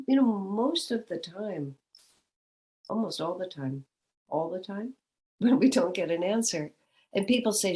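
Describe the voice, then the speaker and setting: A woman's voice: fairly low pitch, lively intonation, moderate pace, darkish tone, rough recording. A woman, a spiritual teacher, giving a reflective satsang talk and asking questions aloud.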